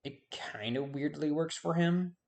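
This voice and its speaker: A man's voice: fairly high pitch, measured pace, vocal fry, a little mellow. A man giving casual video game commentary, rambling and forgetting names with self-deprecating asides. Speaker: YouTube host.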